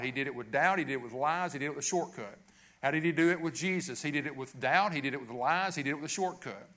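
A man's voice: a little high, pushed and bright. A man preaching a sermon as pastor, earnest and repetitive, often restarting his phrases.

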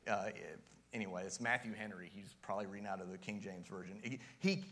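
A man's voice: lowish voice, fairly even intonation, fast talker, fairly bright tone. A man preaching a sermon as youth pastor, casual and joking at times, with strong emphatic rises.

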